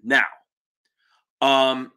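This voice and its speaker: A man's voice: medium pitch, flat delivery, very slow, sharp tone, clean tone. A man hosting a live-stream Q&A as an exam prep tutor, talking in a brash, profane and blunt way, with emphatic interjections.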